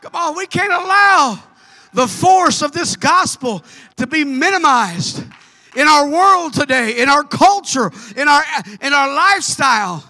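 Shouting high-voiced fervent preacher man. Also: lively intonation, unhurried. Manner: impassioned, repetitive calls, often shouting; urges the congregation with "come on" and "amen". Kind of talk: fervent sermon.

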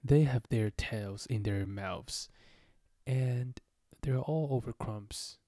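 A man's voice: mid-range voice, slow, dark tone, no echo, clean studio sound, close to an everyday voice. A man voicing a curious, polite young girl in a storybook reading, a little timid.

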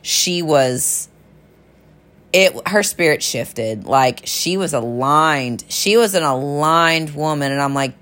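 Low-voiced, enthusiastic woman telling stories. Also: slow, a bit bright. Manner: enthusiastic, chatty, addresses listeners as y'all. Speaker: health practitioner treating patients. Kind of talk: casual storytelling monologue.

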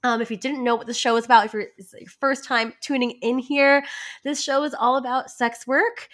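A woman's voice: a little high, a bit bright. Congested chatty woman podcast host. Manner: chatty, upbeat, many fillers. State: congested from a cold. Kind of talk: casual podcast intro.

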